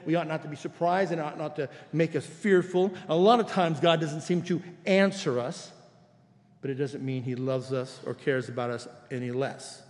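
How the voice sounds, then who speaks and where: A man with a notably high voice delivers a sermon, moving between explanation and read-aloud scripture. His pastor's delivery is conversational rather than lofty. The recording carries the long reverb of a church sanctuary. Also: a little mellow. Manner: expository preaching, conversational with quoted scripture.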